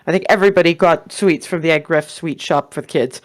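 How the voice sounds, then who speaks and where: A woman running a tabletop game as game master, lively and quick to laugh. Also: low voice. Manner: lively, laughing, corrects players.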